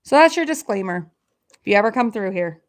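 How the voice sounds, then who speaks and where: A woman with a Southern Alabama accent chats with her livestream viewers in a self-deprecating way. She talks quickly and lets her words slur together. The sound is dry and close, with no room echo. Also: medium pitch, lively intonation. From Alabama, USA. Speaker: livestream host. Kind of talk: casual live-stream chat with viewers.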